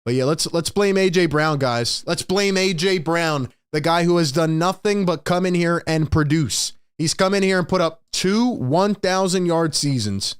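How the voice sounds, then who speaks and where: A man's voice: on the high side, normal speed, hardly any pauses, smooth, dry recording, clean studio sound. A man hosting a live postgame fan show, ranting in frustration and reading out viewers' chat comments. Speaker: sports podcast host.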